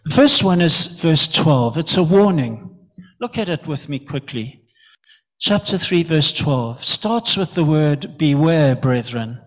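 A man's voice: fairly high pitch, sing-song, slow, a bit bright. A man from Zimbabwe, preaching an earnest sermon and often repeating words for emphasis.

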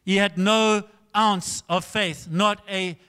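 Male preacher with a high voice, telling the story with dramatic loud-to-soft swings, in a reverberant church hall. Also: fairly even intonation, slow, clear, resonant tone. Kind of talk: sermon.

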